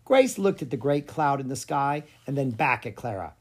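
A storyteller reading a children's fantasy chapter book aloud. The delivery is expressive and animated, with pitch swinging widely. The voice carries a soft, breathy huskiness. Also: normal speed. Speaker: audiobook narrator. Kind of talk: storybook narration.

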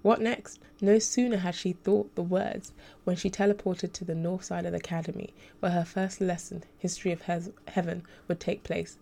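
A woman narrating an audiobook extract in a steady, measured reading style. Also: fairly low pitch, gravelly.

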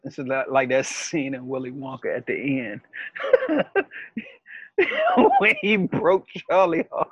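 A man's voice: medium pitch, expressive, takes it slowly, long pauses, a bit bright, slightly rough, no room sound, muffled recording. A man co-hosting a podcast, laid-back and slangy, laughing easily. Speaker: podcast co-host. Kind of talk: casual chat.

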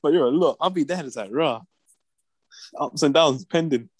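A man's voice: a little high, moderate pace, slightly rough, no echo. A young man, co-hosting a podcast in laid-back, slang-heavy banter and laughing often. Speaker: podcast co-host. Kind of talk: casual chat.

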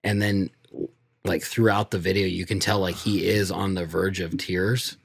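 A man's voice: low-pitched, flat delivery, normal speed, vocal fry, husky, no room sound, studio quality. A young man co-hosting a podcast, telling stories in laid-back casual chat. He laughs often and swears. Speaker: podcast co-host.

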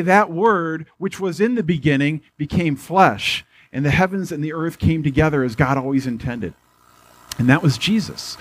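A male pastor giving a church sermon in a conversational way, slowing down to stress key phrases. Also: a little high, breathy edge.

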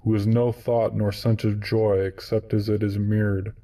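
A man narrating a classic novel in a solemn, measured, somber reading. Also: fairly low pitch, little pitch movement, warm tone, recorded from a distance, rough recording. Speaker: audiobook narrator.

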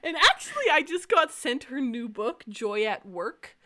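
A young woman hosting a podcast, chatting casually and ranting with animated, frequent laughter. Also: high voice, unhurried. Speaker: podcast host.

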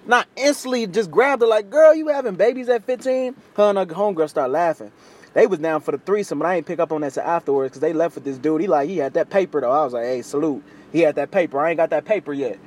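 Fast-talking animated young man. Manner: animated, acts out quoted voices with big pitch jumps; crude slangy street talk. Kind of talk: casual storytelling chat.

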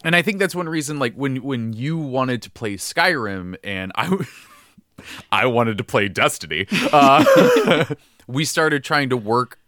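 A man's voice: mid-range voice, huge pitch swings, takes it slowly, fairly bright tone, dry recording, studio quality. A young man co-hosting a casual podcast chat about tabletop games, laughing often and restarting sentences. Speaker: podcast co-host.

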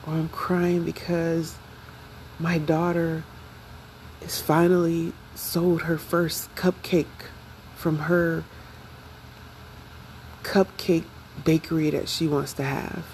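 Young woman, unhurried and emotional, gravelly edge, confessional vlog. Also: sits low, flat delivery, darkish tone, slight background noise, low-quality recording. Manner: slow, reflective, emotional. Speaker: vlogger.

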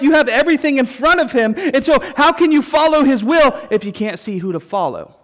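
High-voiced pastor in a reverberant church. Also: male voice. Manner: animated storytelling with repeated refrains. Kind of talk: sermon. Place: church sanctuary. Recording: long reverb of a church hall.

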